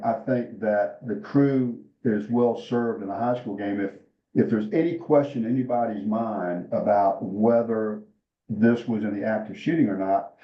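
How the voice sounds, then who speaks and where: A man presenting a rules clinic for basketball officials, talking casually with fillers and restarts. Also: on the low side. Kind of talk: rules instruction and discussion. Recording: roomy, dull lo-fi sound.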